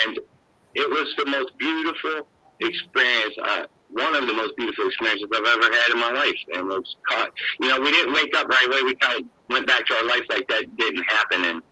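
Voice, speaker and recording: A man's voice: mid-range voice, fairly quick, bright, forceful tone, slightly rough, no echo, low-quality recording. An older man telling a long personal story in a rambling, emotional, folksy way, full of "you know". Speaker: guest.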